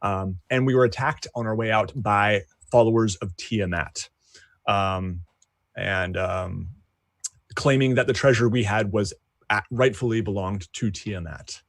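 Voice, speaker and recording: Low male player, halting recap, dry close sound. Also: no echo. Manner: hesitant, many fillers. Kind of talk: casual tabletop game chat.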